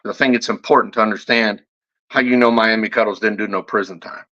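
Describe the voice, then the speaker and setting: A brash, bright-toned man ranting straight to camera and swearing constantly, his words tripping over each other as he gets heated. The audio is dull and lo-fi. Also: fairly low pitch, fairly even intonation, fast. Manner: profane, combative, heavy swearing; repeats and restarts words when heated. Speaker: fragrance reviewer. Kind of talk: off-the-cuff vlog rant.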